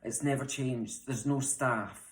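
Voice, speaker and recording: A woman's voice: very deep voice, fairly even intonation, measured pace. A young transgender woman with a Scottish accent, making an impassioned, frustrated appeal straight to camera from her home, blunt and swearing at times. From Scotland. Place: home, room mid-move. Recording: roomy echo.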